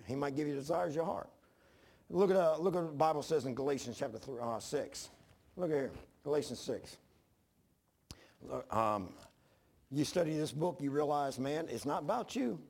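Preacher, man, gravelly and husky, rambling self-mocking storyteller. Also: a little high, a little mellow. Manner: rambling, self-deprecating, restarts often. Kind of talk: informal storytelling sermon.

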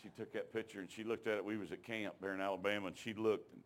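A man's voice: fairly low pitch, fairly even intonation, quick pace, a little hiss or hum. A man preaching a sermon, telling his own testimony in a folksy, emphatic way and calling out to the congregation.

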